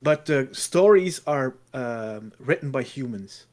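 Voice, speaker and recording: Guy co-hosting a podcast, excited but thoughtful, casual chat. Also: medium pitch, slow pace. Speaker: podcast co-host.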